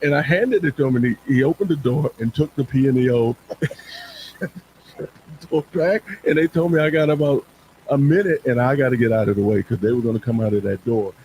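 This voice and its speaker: A man's voice: mid-range voice, fairly quick, a little mellow, a little hiss or hum, low-quality recording. A man from Bakersfield, California, talking as a guest on a talk show, emphatic and repeating words as he gets worked up. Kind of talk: casual talk-show conversation.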